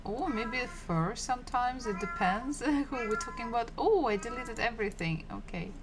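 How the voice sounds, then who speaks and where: A woman teaching Russian in a live-streamed lesson, who repeats each word slowly and patiently and chats with her viewers between words. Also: on the high side, background noise. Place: home.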